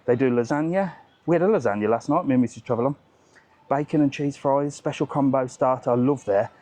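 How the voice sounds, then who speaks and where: A cheerful man strolls down a seaside street with a handheld camera, chatting away to his live viewers. His voice sits in an ordinary middle pitch, and he calls out friendly greetings to people he passes. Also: a little mellow. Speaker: travel vlogger host. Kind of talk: live walking vlog chat.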